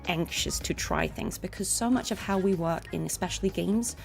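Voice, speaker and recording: A woman's voice: lowish voice, normal speed, creaky, music in the background. A woman with a neutral RP English accent chatting as a voice actor while streaming a game, laughing often. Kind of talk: casual stream commentary.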